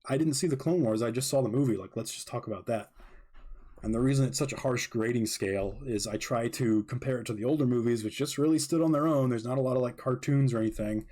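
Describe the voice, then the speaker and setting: A man's voice: mid-range voice, quick pace, mellow. A young man hosting a podcast, talking in a rambling, blunt, casual monologue and swearing now and then. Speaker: podcast host.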